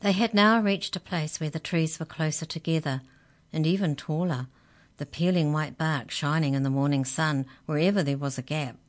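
A woman with a low-pitched voice reads a children's story aloud. Her narration is expressive and gently dramatic. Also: moderate pace.

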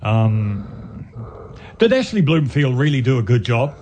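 An older man hosting a radio talk show, chatting and airing opinions in quick asides. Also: mid-range voice, big pitch swings, darkish tone, a little hiss or hum. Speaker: radio host. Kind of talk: casual talk radio chat.

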